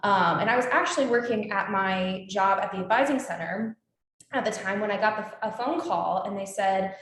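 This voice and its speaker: Speaking fairly quickly in a mid-range, fairly bright voice, a twenty-something woman recounts a story as an alumni guest in a relaxed interview, leaning on fillers and quoted lines. The recording is echoey with slight background noise.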